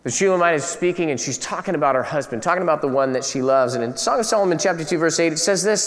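A man preaching a sermon as pastor, animated and conversational with playful asides. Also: a little high, racing, few pauses, big-room sound.

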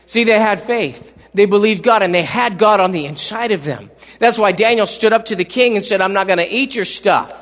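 A man preaching a fervent sermon as pastor, swinging from loud emphatic peaks to low asides and repeating words as he builds a point. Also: moderate pace, few pauses. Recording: live sermon with long hall reverb.

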